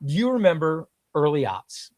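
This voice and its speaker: A man's voice: on the high side, sing-song, moderate pace, a little mellow, no room sound, studio quality. A man in a casual comics chat, eager and emphatic, asking lots of questions. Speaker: comics discussion panelist.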